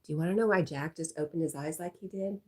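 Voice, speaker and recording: A congested woman hosting a casual livestream, chatting and reading viewer comments aloud, often dropping to a soft whisper. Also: sits low, fast talker. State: congested from allergies. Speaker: livestream host.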